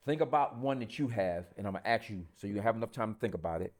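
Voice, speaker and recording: Fast-talking profane man hosting. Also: on the low side, lively intonation. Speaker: podcast host. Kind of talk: casual chat.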